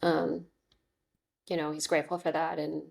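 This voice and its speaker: Woman in her thirties, podcast host, candid casual storytelling, lowish voice. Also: level tone, moderate pace, vocal fry. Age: 30s. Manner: chatty and candid, with many "like"s and "um"s.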